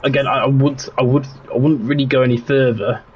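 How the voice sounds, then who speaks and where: A man's voice: medium pitch, steady tone, a little fast, husky, dull audio. A young man, chatting casually and rambling on a livestream while he plays a game, laughing often and restarting his sentences. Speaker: streamer.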